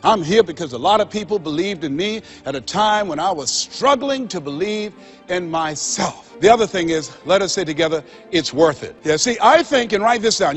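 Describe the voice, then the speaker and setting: A man's voice: sits high, expressive, moderate pace. A man giving a motivational speech to an audience, emphatic and preacherly, with rhythmic repetition. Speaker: motivational speaker. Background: faint background music.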